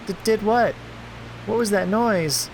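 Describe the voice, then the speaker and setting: A man voicing a frightened young girl in a game, speaking in a high, strained voice. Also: slow pace, gravelly, noisy background, exaggerated voice. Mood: startled. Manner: high squeaky pitch, near-shouting.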